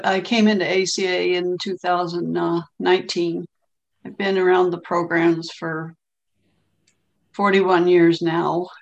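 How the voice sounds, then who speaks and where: A woman sharing at an online recovery meeting, halting and emotional, with many pauses and fillers. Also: fairly low pitch, creaky. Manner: halting, many ums, tearful. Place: home, on a video call. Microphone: video call.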